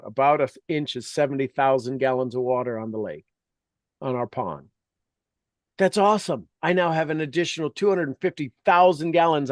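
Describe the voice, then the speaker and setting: A man's voice: medium pitch, no echo, studio quality. A middle-aged man telling rambling, enthusiastic stories as the host of a spoken meditation. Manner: earnest, enthusiastic, rambling storytelling.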